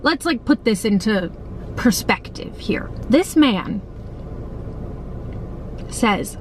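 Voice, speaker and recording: A young woman with a fairly high voice tells a story in casual chat, swearing freely and acting out what people said. She talks into a phone camera from a parked car. A faint hum of car ambience sits behind her. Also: big pitch swings, slow, pauses often, poor audio. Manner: chatty, swears freely, acts out quotes. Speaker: vlogger.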